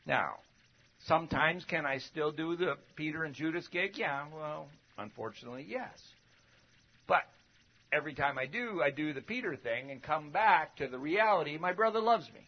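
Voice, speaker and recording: A fairly high-voiced man preaching a sermon in a lively, conversational way. He fires off rhetorical questions and jumps between loud, emphatic bursts and quiet asides. The recording sounds dull and lo-fi. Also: normal speed, slightly rough. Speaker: preacher teaching a Bible lesson.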